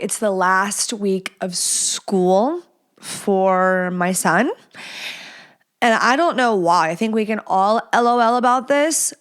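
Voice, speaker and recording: A woman's voice: medium pitch, clean tone. A woman in her thirties hosting a casual solo podcast from home, chatty and rambling, teasing herself and sometimes dropping into a whisper. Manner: chatty, rambling, self-mocking, drops into whispers. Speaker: podcast host.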